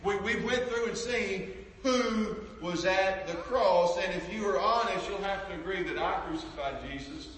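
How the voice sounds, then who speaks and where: A male preacher, preaching passionately, repeating words and swinging from loud to hushed. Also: sits high, normal speed, slight background noise. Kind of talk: sermon. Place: church sanctuary. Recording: echoey hall from far off.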